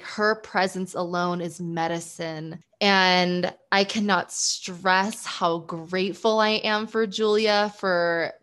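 A woman's voice: medium pitch, fairly bright tone. Gushing, heartfelt woman podcast host. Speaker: podcast host and business coach. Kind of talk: casual podcast intro.

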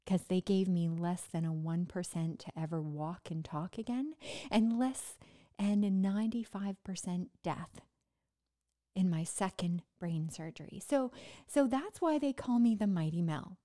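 A woman talking casually to her listeners, speaking haltingly with word-finding pauses, restarts and self-mocking laughs. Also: fairly low pitch, warm tone. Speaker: podcast host recovering from brain injury. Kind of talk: casual personal monologue.

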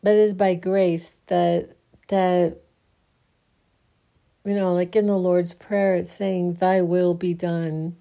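Slow, sleepy woman musing softly. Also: lowish voice, flat delivery, vocal fry. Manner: slow, halting, restarts often, soft laughs. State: sleepy, yawning. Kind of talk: casual spiritual musing.

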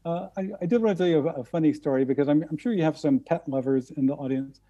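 Mellow-voiced man telling stories haltingly. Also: a little high, highs cut off. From central United States. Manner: halting, repeats words often. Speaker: guest speaker. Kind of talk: storytelling in conversation.

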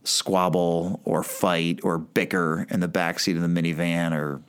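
A pastor giving a sermon in a relaxed, conversational way, often saying "like" and restarting his phrases. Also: sits low, unhurried, smooth. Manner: conversational preaching with frequent "like" and restarts.

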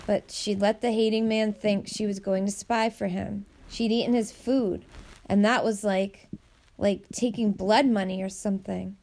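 A woman's voice: mid-range voice, vocal fry, a little mellow. A woman narrating a novel aloud, reading the dialogue with light character shifts. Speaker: audiobook narrator.

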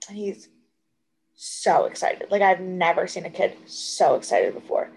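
A woman's voice: on the low side, very animated, measured pace, vocal fry, darkish tone, rough recording. A young woman co-hosting a casual podcast, chatting and telling stories with lots of fillers. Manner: chatty storyteller, many fillers. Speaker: podcast co-host. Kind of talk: casual chat.

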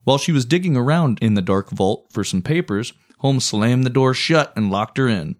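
A man co-hosting a casual comedic history podcast, telling the story with wry deadpan asides and casual swearing. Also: medium pitch, normal speed. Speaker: podcast co-host.

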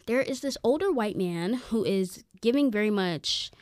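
A woman's voice: medium pitch, measured pace, clear, resonant tone, no room sound. A young adult woman co-hosts a casual podcast, telling a story in a loose, chatty way. She fills her talk with "like" and acts out what others said. Her voice sits mid-range, close on the mic with a dry sound. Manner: animated, chatty, full of "like" and acted-out quotes. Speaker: podcast co-host.

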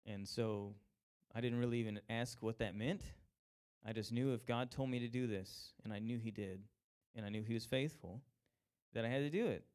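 A young man tells his faith story in a lively, self-mocking way. He slips into the voices of the people he quotes, and his voice sits at a middle pitch. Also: normal speed, clean tone. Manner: animated, acts out quoted voices, laughs at himself. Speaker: speaker sharing a personal testimony. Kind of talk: storytelling testimony.

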